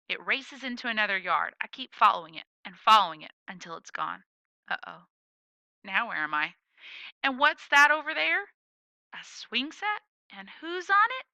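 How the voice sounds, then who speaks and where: A woman narrating a children's story in the first person, playful and expressive. Her very bright voice is crisp and rises and falls freely, and the sound is dry and close. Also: on the high side, normal speed, no room sound, rough recording. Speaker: audiobook reader.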